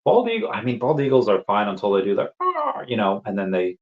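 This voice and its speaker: A lowish male voice drifts through a casual livestream chat, rambling from thought to thought and stumbling over repeated words. The audio sounds dull and lo-fi, as if streamed through a modest setup. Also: sing-song, fast. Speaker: livestream host answering chat.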